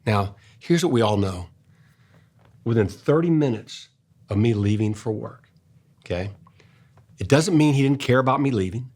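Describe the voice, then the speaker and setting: An older man, telling an earnest personal story in a casual way, going soft and hushed when he quotes his own gentle words. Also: medium pitch, animated, normal speed, pauses often. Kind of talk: casual storytelling in a faith-based talk.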